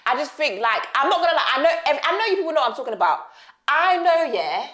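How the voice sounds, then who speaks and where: A young woman co-hosting a casual podcast chat, animated, laughing often and repeating herself. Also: sits high, quick pace. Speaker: podcast co-host. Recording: echoey room.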